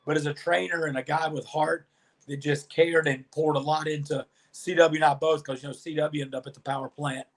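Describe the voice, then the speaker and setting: Here the same kind of guest, a middle-aged ex-wrestler being interviewed, speaks fairly quickly with a fairly high voice. His stories run long, and he performs the quoted lines of others with lots of energy.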